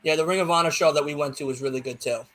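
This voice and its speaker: A man with a fairly high voice talks on a watch-along podcast. He rambles in a relaxed way and leans on "like" a lot. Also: racing. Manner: relaxed, rambling, heavy use of "like". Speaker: podcast co-host. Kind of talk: casual watch-along chat.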